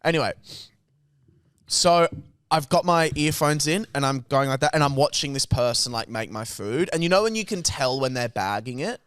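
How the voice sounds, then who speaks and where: A man's voice: medium pitch, expressive, normal speed, fairly bright tone, clear, resonant tone, dry recording, studio quality. A young Australian man co-hosting a podcast, telling a rambling, sweary anecdote in casual chat. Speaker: podcast co-host.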